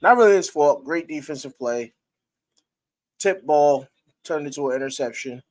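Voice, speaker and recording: A man's voice: on the high side, lively intonation, moderate pace. A man hosting a casual live-stream sports talk show, talking loosely with his viewers and breaking into laughter.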